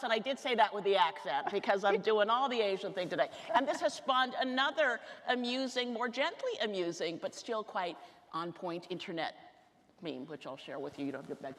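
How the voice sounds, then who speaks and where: Woman, about 60, mid-pitched, animated comic storyteller on stage in a reverberant lecture hall. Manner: rapid, animated, self-mocking. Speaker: author giving a talk. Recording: reverberant hall with faint noise.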